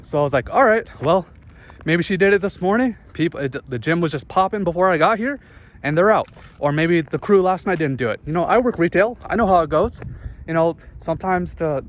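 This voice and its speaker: Breathless man ranting after a workout. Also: on the high side. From northern United States. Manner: rambling, profane, self-interrupting. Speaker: vlogger. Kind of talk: casual rant to camera. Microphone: earbuds. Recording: voice picked up through earbud mic.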